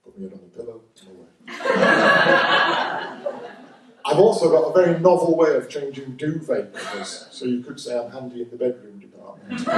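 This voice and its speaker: A man's voice: fairly high pitch, very noisy. A man with a Northern English accent doing a stand-up comedy set in a dry, wry manner, recorded live at a comedy venue. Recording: roomy live recording from a distance.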